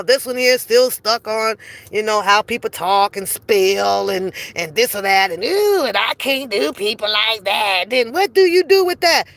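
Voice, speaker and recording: A woman from the US talking straight to her viewers in a loose commentary rant. Her voice sits a little high, and she stays blunt and profane throughout. She drops into quick acted-out quotes as she goes. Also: fairly bright tone. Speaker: commentary vlogger. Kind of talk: casual commentary monologue.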